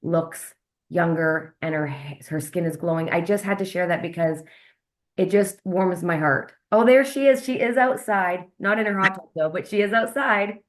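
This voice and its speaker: A woman's voice: on the low side, normal speed. Upbeat woman hosting a video webinar. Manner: upbeat, chatty, questions the audience directly. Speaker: host of a wellness sales webinar. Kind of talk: live video call presentation.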